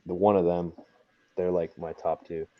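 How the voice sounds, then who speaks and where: A young man, a wrestler guest, telling stories casually and animatedly, laughing often and acting out others' lines in a high voice. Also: little pitch movement, moderate pace, no room sound. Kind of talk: casual storytelling. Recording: dull lo-fi podcast audio.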